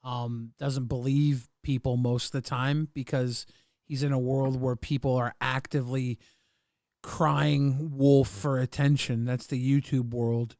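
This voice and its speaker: A man's voice: medium pitch, flat delivery, a little slow, a little mellow, dry recording, studio quality. A man co-hosting a podcast in a laid-back way, swearing casually. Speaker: podcast co-host. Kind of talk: casual commentary.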